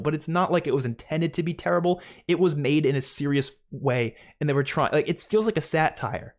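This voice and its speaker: A man's voice: on the high side, fairly quick, few pauses. A young adult man hosting a livestream, ranting casually and exasperated, with heavy use of "like" and frequent restarts. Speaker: livestream host.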